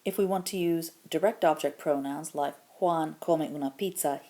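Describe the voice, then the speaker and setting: A patient woman walks through a grammar lesson one step at a time, slowing down to model each example. Her voice sits fairly low and has a mellow, warm tone. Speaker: Spanish teacher.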